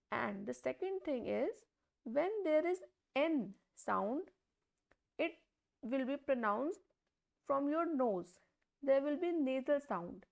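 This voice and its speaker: A language teacher with a high, gravelly, creaky voice and a darkish tone gives beginners a slow, step-by-step pronunciation lesson. She's animated yet deliberate, repeating each example word.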